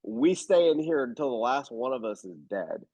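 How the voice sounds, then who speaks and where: A husky-voiced man at medium pitch and a moderate pace is being interviewed casually about his work as a real estate investor. Blunt and emphatic, he tells his stories with plenty of animation. The dry, slightly dull recording has no echo.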